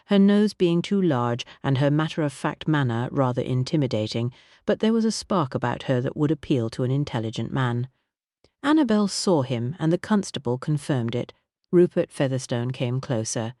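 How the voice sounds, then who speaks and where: Woman reading an audiobook, low voice, lots of ups and downs, dry close mic. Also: moderate pace, no room sound. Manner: expressive storytelling. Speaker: audiobook narrator. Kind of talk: audiobook narration.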